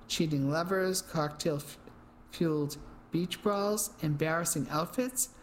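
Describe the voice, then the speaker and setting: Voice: mid-range voice, measured pace, a little hiss or hum, lightly acted. A reader voicing a brash young woman gossip podcaster, chirpy and nosy.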